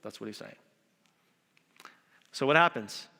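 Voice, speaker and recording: A male pastor preaching an Easter sermon in a church, animated and acting out quotes in different voices. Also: on the low side, unhurried, vocal fry. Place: church sanctuary. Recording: reverberant church hall.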